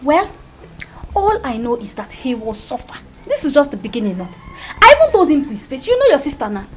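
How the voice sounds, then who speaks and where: A woman's voice: high voice, sing-song, a little fast. An actress with a Nigerian accent playing a resentful young woman who vows revenge. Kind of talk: film drama acting.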